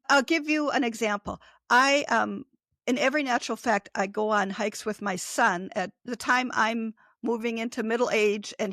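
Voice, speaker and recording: Reflective woman author, higher voice. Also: dry recording. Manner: reflective, laughs often, warm storytelling. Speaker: author and guest. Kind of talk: casual interview conversation.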